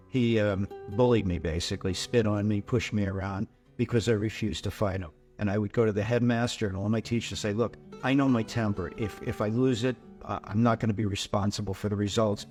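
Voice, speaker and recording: An older man recounting his life in a personal testimony, halting and repeating words as he goes. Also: on the low side, steady tone, darkish tone, faint music behind.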